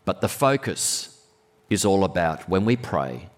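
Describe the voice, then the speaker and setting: Slow, low-voiced man preaching. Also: big pitch swings. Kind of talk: sermon.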